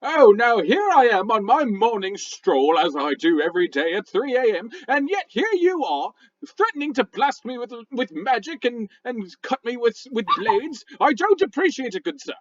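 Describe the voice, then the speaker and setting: A man's voice: very high-pitched, sing-song, normal speed, highs cut off, full character voice. A man voicing a prissy, easily offended male rock that speaks in a posh British accent with stuffy, old-fashioned phrasing, in a tabletop game. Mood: indignant.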